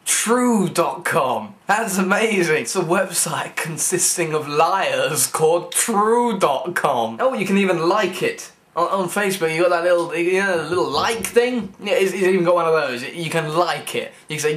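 A man's voice: on the high side, normal speed, a bit bright. A young man, rambling and joking through a comic vlog, often restarting his sentences with stammers. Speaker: comedy vlogger.

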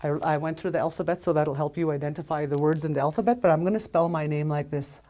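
An older woman with a low, mellow voice gives an informal language lesson, teaching haltingly. She often loses her place and starts over, sounding out syllables slowly and repeating them.

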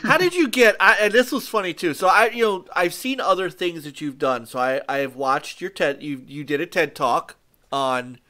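A man's voice: a little high, normal speed, pushed and bright. A man hosting a casual interview, asking his guest questions. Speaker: host.

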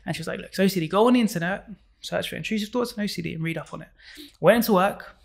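Fast-talking gravelly young man. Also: high-pitched. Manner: candid, acts out his own past thoughts. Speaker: podcast guest. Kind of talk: personal story in a podcast interview.

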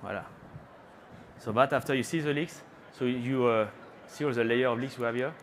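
Playful chef with a French accent. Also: male voice, medium pitch, normal speed, slight background noise. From France. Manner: chatty and playful, teasing the audience, sprinkling in French words. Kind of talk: live cooking demonstration. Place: cooking stage at a trade show.

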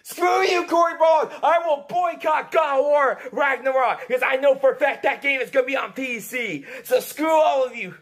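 A man's voice: very high voice, moderate pace, hardly any pauses. A man doing a wailing, melodramatic console fanboy. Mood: bitter ranting. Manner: ranting, wailing, sobbing shouts. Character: whiny adult male console fanboy, melodramatic.

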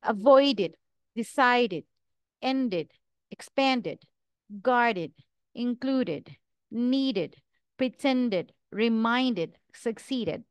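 A woman teaching English pronunciation, reading out verb pairs in a slow, deliberate drill with each word carefully enunciated. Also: on the high side, animated, smooth, dry recording.

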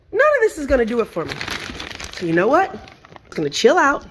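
A middle-aged woman vlogging casually from her kitchen, ranting in an animated, exasperated way and firing off rhetorical questions. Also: mid-range voice. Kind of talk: casual vlog rant. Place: home kitchen.

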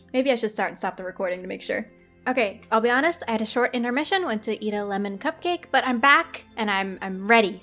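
A young woman giving chatty, excitable commentary while playing a video game, often laughing. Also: sits high. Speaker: gaming video creator. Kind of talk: live gameplay commentary.

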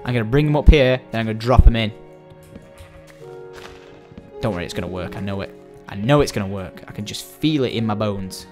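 A man's voice: lowish voice, fast, music in the background. Chatty Scottish young man commentating a game. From Scotland. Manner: chatty, excitable, talks to animals in game. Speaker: gaming commentator. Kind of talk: casual gameplay commentary.

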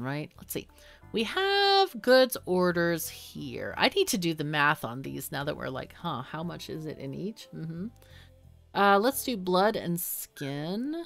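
A woman's voice: fairly low pitch, fairly bright tone, no room sound. A woman hosting a let's play, chatting and thinking aloud while she plays, with frequent laughs. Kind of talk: gameplay commentary.

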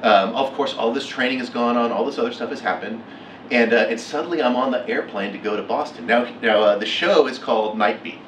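A middle-aged man giving a keynote talk, telling a story with lively acted-out quotes. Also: mid-range voice, a little fast, slight background noise. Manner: animated, acts out quotes with laughs. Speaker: keynote speaker. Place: lecture hall. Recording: echoey hall from far off.

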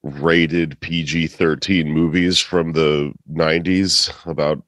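A man's voice: extremely low pitch, little pitch movement, takes it slowly, fairly bright tone, no room sound. A man hosting a casual comedy podcast, joking around with his co-hosts in an American accent. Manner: joking, playful, slips into silly voices. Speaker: podcast host.

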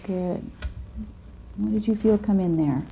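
A woman with a mellow, darker voice guides a student through sounds one step at a time. Her delivery is calm and instructive, like a narrator of an educational video. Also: mid-range voice, measured pace, vocal fry, husky. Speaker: narrator and reading teacher. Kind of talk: scripted narration and one-on-one teaching.

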